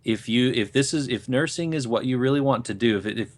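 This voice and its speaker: A man's voice: medium pitch, brisk. A man co-hosting a podcast, offering thoughtful, rambling advice in casual chat. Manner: thoughtful, rambling, with many fillers and restarts. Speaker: podcast co-host.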